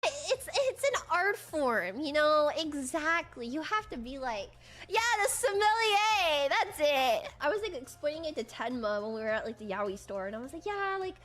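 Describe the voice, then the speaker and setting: A young woman chatting casually, rambling with lots of "like" and restarts in a deadpan way. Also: high-pitched, moderate pace, few pauses. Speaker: streamer guest. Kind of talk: casual chat.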